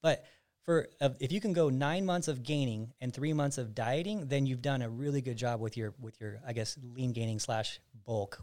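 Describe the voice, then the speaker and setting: A man's voice: medium pitch, moderate pace, darkish tone. A man, a physique coach and podcast host, explaining his methods in casual chat and often restarting sentences. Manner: explains at length with frequent restarts.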